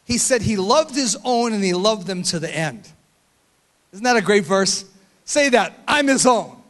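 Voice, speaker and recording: An older man preaching a sermon as pastor, shouting his points with emphasis and then dropping to quiet storytelling. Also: high-pitched, animated, moderate pace.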